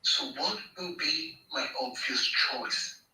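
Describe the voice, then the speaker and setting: Nigerian guy ranting about politics, super bright edgy voice, kinda far off in an echoey room. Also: a little high, slow. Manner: emphatic, repeats phrases for effect. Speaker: speaker on a live audio space. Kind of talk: impassioned political speech.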